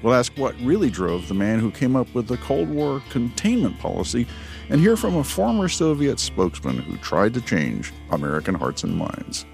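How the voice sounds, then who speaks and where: Measured man explaining history. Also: mid-range voice, sing-song, gravelly, a little mellow, faint music behind. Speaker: history podcast co-host. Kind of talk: conversational history discussion.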